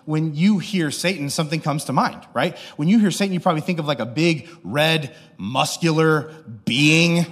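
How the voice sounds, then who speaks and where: A man's voice: on the high side, normal speed, hardly any pauses, in a large hall. A man pastor giving a casual, joking sermon, often checking in with the audience. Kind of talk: conversational sermon.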